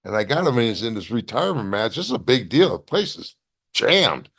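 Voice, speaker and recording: A man, a former wrestler as interview guest, telling animated stories with blunt profanity. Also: mid-range voice, fairly quick, vocal fry. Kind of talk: casual storytelling interview.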